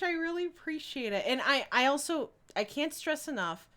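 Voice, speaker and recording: A young woman chats with her stream while she plays, giggling often and answering viewers. Her voice sits a little high and swings up and down a lot as she talks. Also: sing-song, normal speed, pushed and bright. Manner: giggly, chatty, reads chat aloud. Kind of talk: casual live-stream chat while gaming.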